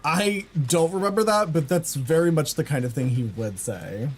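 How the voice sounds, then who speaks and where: A man's voice: on the high side, animated, moderate pace. A man hosting a live stream, chatting casually, laughing often and reacting to chat. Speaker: streamer host. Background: people making noise nearby.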